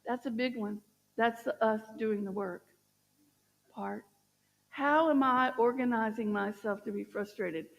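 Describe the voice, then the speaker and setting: A woman minister giving a sermon, gently encouraging and asking her listeners questions. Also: a little high, a little slow, creaky, long reverb tail, poor audio. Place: church sanctuary.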